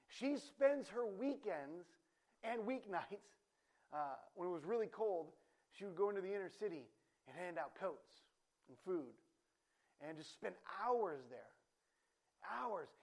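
Animated, conversational high-voiced pastor. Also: male voice. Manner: conversational, animated, frequent asides. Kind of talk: sermon. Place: church.

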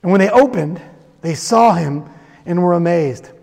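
A man's voice: high voice, lively intonation, moderate pace, creaky, a little mellow. A man preaching a sermon, retelling a story with acted-out voices and then speaking directly to the congregation. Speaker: pastor. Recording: long reverb of a large hall.

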